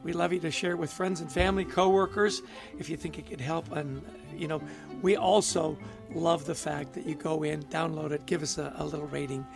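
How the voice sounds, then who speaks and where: A man co-hosting a podcast in easy, upbeat conversation. His voice sits a little high with a gravelly fry, and faint music plays behind him. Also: steady tone, a little fast. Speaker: podcast co-host. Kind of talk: casual podcast chat.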